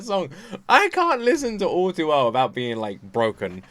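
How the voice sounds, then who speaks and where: A man hosting a casual reaction video, excitable and laughing often, with rambling restarts. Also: a little high, moderate pace, no room sound. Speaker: reaction channel host.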